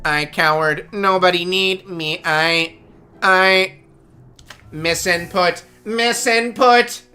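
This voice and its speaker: A hoarse streamer putting on a dejected game robot that halts over every word, slow and flat in a bright, forward tone. Soft game music runs under the voice. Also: medium pitch. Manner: slow, flat, clipped machine-like words. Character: sad broken-down robot, halting speech.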